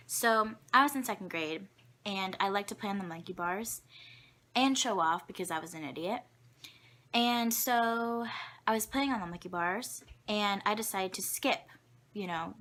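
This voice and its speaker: A woman's voice: medium pitch, fairly bright tone. A young woman telling childhood stories to camera in a chatty, rambling, self-mocking way. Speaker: vlogger. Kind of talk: casual storytelling to camera.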